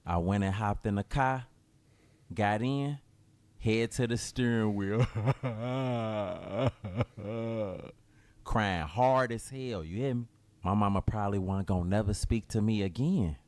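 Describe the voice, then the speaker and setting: A man's voice: fairly low pitch, slow, a little mellow, no room sound. A young man narrating a personal storytime in slangy, laid-back speech.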